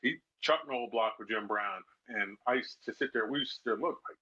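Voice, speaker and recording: Husky former player telling stories. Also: male voice, fairly low pitch, normal speed. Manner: animated storyteller who acts out quoted voices. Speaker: guest, former football player. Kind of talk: casual interview storytelling. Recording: slightly dull lo-fi sound.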